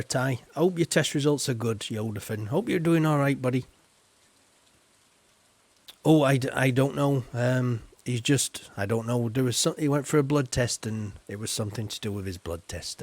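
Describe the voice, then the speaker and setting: A male game streamer chats away in a loose, rambling way, full of fillers, restarts and friendly teasing. His voice sits at a middling pitch and sounds close and dry. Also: no echo. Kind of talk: casual live-stream chat over gameplay.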